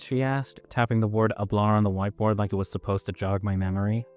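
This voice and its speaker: A man's voice: on the low side, steady tone, fast, a little mellow, soft background music. A man narrating a story in the first person, in a casual, self-mocking manner.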